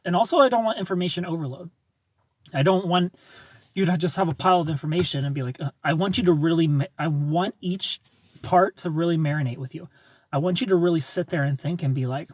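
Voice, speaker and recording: High-voiced, husky young man livestreaming. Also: a little fast, dry recording. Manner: animated, rambling with repeated phrases and laughs. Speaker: livestream host. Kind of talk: casual livestream chat reading comments.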